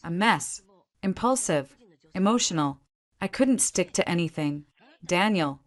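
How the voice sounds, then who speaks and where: Storybook role: a fearful, self-blaming young wife, put on by a woman narrator, low voice, tense and pleading. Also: animated, measured pace. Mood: distressed.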